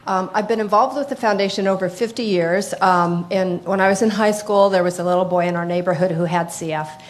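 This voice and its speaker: A woman in her sixties moderating a conference panel, speaking haltingly with many fillers. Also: fairly low pitch, steady tone.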